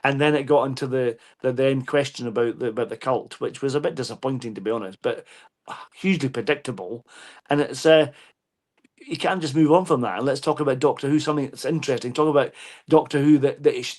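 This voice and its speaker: A man talks fast at a middle pitch as a guest on a casual live-stream panel over a video call. He is chatty and fills his sentences with hesitant ums and restarts. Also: a little mellow. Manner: quick, chatty, with hesitant fillers.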